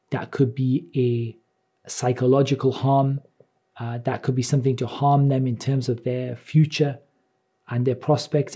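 A man giving a religious lecture. He reads lines of Arabic, then translates and explains them in English at a measured pace, repeating phrases as he goes. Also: medium pitch, mellow, breathy edge. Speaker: Islamic teacher.

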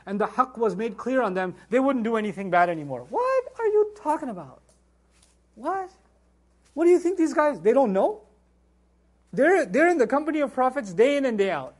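A man giving an animated religious lecture on scripture, asking rhetorical questions and quoting Arabic verses as he teaches. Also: very high voice. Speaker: Quran teacher.

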